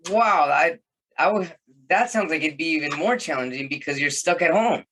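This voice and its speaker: A man's voice: fairly high pitch, expressive, normal speed, a bit bright, rough recording. Man, podcast host, casual interview, short supportive replies, follow-up questions.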